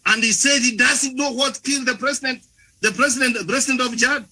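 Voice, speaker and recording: A man's voice: very high voice, steady tone, fast, pushed and bright, poor audio. A man speaking at a panel forum, making an impassioned speech full of rhetorical questions, often restarting his words and turning to the moderator by name. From Africa. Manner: frequent restarts and repeated words.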